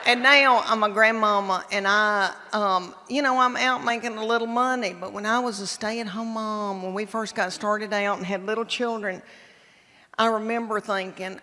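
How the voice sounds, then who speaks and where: A woman's voice: a little high, steady tone, pushed and bright. A woman in her fifties with a Southern US accent, telling chatty, folksy stories in a stand-up comedy set. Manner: chatty, folksy storytelling with drawn-out asides. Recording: long hall reverb, clear crowd noise.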